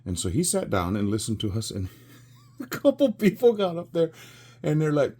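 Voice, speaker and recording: A man's voice: fairly high pitch, huge pitch swings, normal speed, dark tone, slight background noise. A man in his sixties telling a rambling story with chuckles and fillers while he works on a craft. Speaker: resin crafter.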